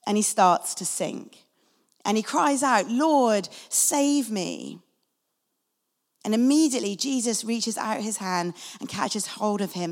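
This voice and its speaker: Female preacher, conversational and earnest, slight vocal fry, in a reverberant church hall. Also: medium pitch, animated, slow pace. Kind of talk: sermon. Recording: long reverb of a large hall.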